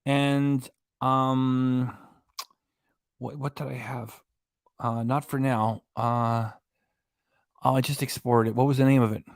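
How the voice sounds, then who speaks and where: A man's voice: mid-range voice, flat delivery, slow, gravelly, long pauses, no room sound, studio quality. A man hosting a reaction live stream in a casual, mocking way, laughing often as he talks. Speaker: reaction channel host.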